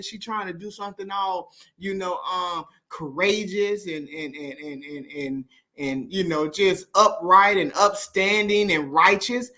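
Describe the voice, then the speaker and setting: A man's voice: high-pitched, a bit bright. A man giving unscripted political commentary on a stream, talking emphatically, repeating his points and restarting often. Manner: emphatic and repetitive, restarts a lot.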